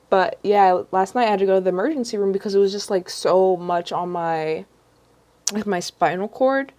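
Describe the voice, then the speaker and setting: A woman's voice: medium pitch, normal speed, long pauses, a little mellow. A young woman vlogger chatting casually on a livestream, rambling with many ums and restarts.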